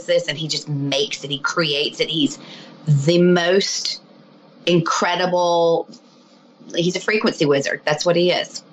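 Woman guest, healer, lowish voice, animated chatty storyteller full of fillers. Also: a little hiss or hum, low-quality recording. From lives abroad, not local. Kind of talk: casual storytelling interview.

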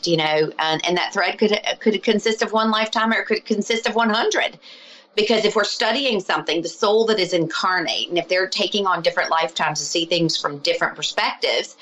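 A woman with a slightly low voice talks as a guest healer in a relaxed interview. She tells her stories in an animated, chatty way, with lots of "you know" and "like" fillers. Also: rough recording. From lives abroad, not local. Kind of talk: casual storytelling interview.

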